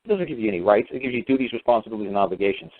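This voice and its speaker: A man's voice: on the low side, expressive, dry recording. A man hosting a radio show, ranting bluntly about a run-in with officials and acting out both sides of the argument. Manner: blunt, fast-talking, mimics officials in quoted exchanges; swears casually and scoffs. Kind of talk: ranting monologue with acted-out dialogue. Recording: dry phone-line radio audio.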